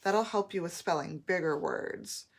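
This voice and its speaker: Slow-speaking woman teaching phonics. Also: lowish voice. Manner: slow, clear, syllable-by-syllable teaching. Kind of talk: phonics lesson.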